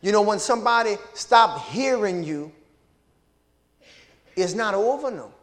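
High-pitched and a bit bright, a pastor preaches at a measured pace with lively intonation in the big-room sound of a sanctuary. Hallelujahs and amens punctuate his points as he engages the congregation in call and response.

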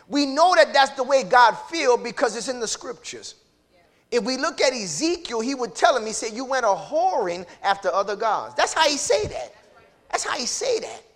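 A man preaching a sermon. He drops to low asides, climbs to shouted peaks, and acts out dialogue between characters. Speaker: pastor.

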